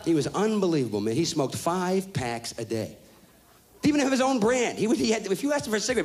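A brash male stand-up comic tells a profane story on a live stage, his fairly high voice swinging wildly up and down as he shouts his punchlines. The live room leaves a faint hiss of ambient noise behind him. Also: sing-song, quick pace. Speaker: stand-up comedian. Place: live comedy stage with audience laughter.

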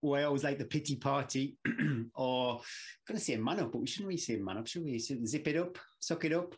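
A British man co-hosting a podcast, relaxed and easygoing as he tells travel stories in casual banter. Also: mid-range voice, fairly quick. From Britain. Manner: relaxed, easygoing, frequent fillers and laughs. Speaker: podcast co-host.

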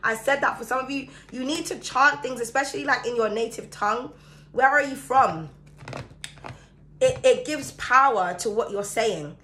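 A woman's voice: on the high side, moderate pace, sharp tone, a little hiss or hum. A woman from the Caribbean giving a chatty, emphatic tarot reading, speaking straight to the viewer. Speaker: tarot reader.

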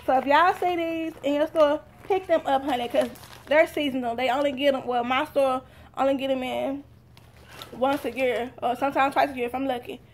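Young woman vlogger, high voice, chatty haul talk. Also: steady tone, normal speed, a little hiss or hum. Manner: chatty, talks straight to viewers. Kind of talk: casual haul vlog.

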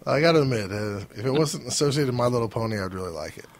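A man's voice: mid-range voice, lively intonation, quick pace. A man co-hosting a casual podcast, rambling along and chuckling as he talks. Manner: rambling, laughs while talking. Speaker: podcast co-host.

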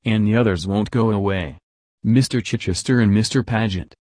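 A man's voice: on the low side, moderate pace, darkish tone, no room sound, clean studio sound, close to an everyday voice. A man voicing a spirited, headstrong young woman in an audiobook. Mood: pleading. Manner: firm, then pleading.

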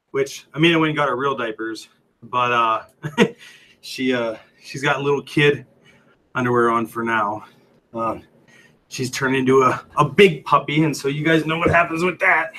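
A young man hosts a casual livestream in a bright, forceful, mid-range voice. He chats away and laughs often while reading viewer comments, sounding a little out of breath.

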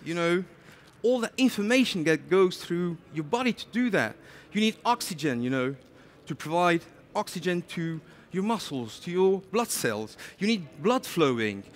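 A man giving a lively conference talk, chatty and animated, often saying "you know". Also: high voice. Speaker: conference speaker. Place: conference stage.

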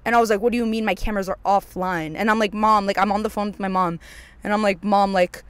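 Excitable young adult telling a story. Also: fast talker, clear, resonant tone. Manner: swearing, filler-heavy, acts out own past lines; excitable, voice swings high and loud. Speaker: podcast host. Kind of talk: casual storytelling.

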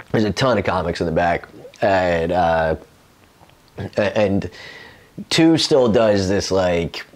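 A man, a comedian hosting his own show, telling rambling, profane stories in casual chat and laughing often. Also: sits low. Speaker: comedian host.

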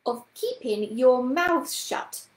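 A woman voicing a prim, sharp-tongued spinster witch who talks slowly and deliberately. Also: high-pitched, expressive, reverberant, rough recording.

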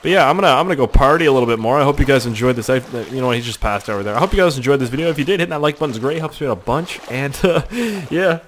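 A young man giving joking, excitable let's-play commentary as a gaming YouTuber, swearing a lot as he goes. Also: medium pitch, rapid-fire, few pauses, a little hiss or hum.

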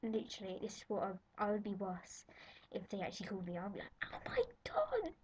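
A twelve-year-old girl from the UK talking excitedly in a casual vlog, giddy and breathless, often slipping into whispers. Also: mid-range voice, fast talker. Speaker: vlogger. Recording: dull lo-fi webcam audio with faint hiss.

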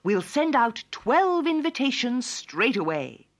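A woman's voice: on the high side, big pitch swings, slow, voice pushed up, heavily acted. A woman voicing an earnest storybook king. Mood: hopeful. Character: kindly storybook king, hopeful.

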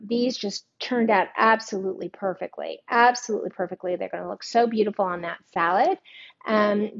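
A woman's voice: mid-range voice, highs cut off. Chatty older woman cooking live. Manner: chatty, jokey, greets viewers by name. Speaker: cooking show host. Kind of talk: live-streamed cooking demo.

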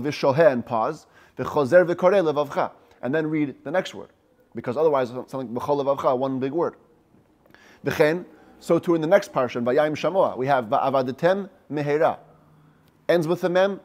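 A man, a rabbi, giving a text study class, reading Hebrew phrases slowly and explaining each one in English. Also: fairly high pitch, a little mellow.

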